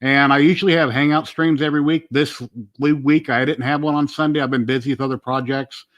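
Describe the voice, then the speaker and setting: A man's voice: a little high, fairly even intonation, fairly quick, fairly bright tone. Opinionated man hosting a livestream. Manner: plain-spoken, opinionated. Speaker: livestream host. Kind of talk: casual chat.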